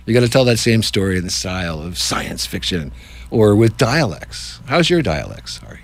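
A man who runs improv workshops, talking in a casual, jokey interview with animated asides. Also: lowish voice, normal speed, gravelly. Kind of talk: casual radio-style interview.

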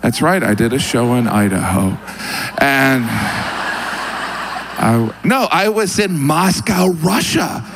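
A man performing a stand-up comedy routine on stage in a wry, deadpan storytelling manner. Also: takes it slowly, long pauses, noisy background. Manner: wry, deadpan storytelling with sudden high-pitched asides.

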